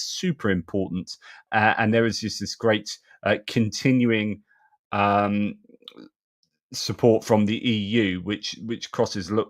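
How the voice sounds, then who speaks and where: Brief: male live-stream host, middle-aged, low-pitched, chatty and rambling. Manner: chatty, rambling, many fillers and restarts. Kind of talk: live-stream news commentary.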